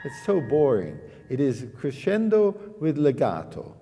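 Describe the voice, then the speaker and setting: A man's voice: a little high, wildly swooping pitch, unhurried. A man teaching a piano master class, singing musical phrases on syllables to show the playing, often repeating words and restarting sentences. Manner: sings phrases on syllables to demonstrate. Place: concert hall. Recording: reverberant hall with loud piano.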